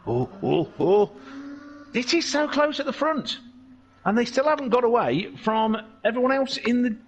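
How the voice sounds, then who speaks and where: Excitable race commentator, lively pitch. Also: male voice, normal speed. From England. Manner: excitable, jokey, tangent-prone. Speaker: sim racing commentator. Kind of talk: live race commentary with rambling jokes.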